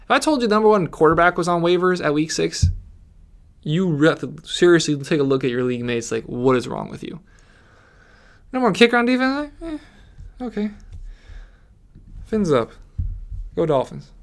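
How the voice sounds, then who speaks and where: A man's voice: fairly high pitch, sing-song, normal speed, long pauses. A man giving casual, rambling commentary on his fantasy football mock draft, ranting with frequent restarts.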